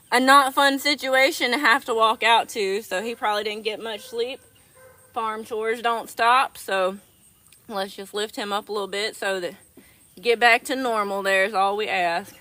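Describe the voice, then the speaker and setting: A woman's voice: fairly high pitch, pushed and bright. A woman hosting a casual livestream, affectionately greeting viewers as darling. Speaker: livestream host.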